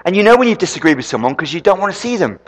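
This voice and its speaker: A man preaching a sermon, an animated storyteller who throws quick asides to the congregation. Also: high voice. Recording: long reverb in a hall.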